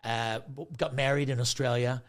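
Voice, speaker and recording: A man in his forties, a guest comedian, telling a story in an animated way, swearing freely and acting out other people's voices. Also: mid-range voice, moderate pace. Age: 40s. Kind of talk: casual storytelling.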